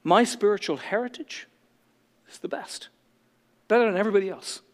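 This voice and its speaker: A man's voice: high voice, moderate pace, long reverb tail, close to an everyday voice. A man voicing a proud male religious scholar who lists his credentials in a condescending, self-satisfied way. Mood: boastful.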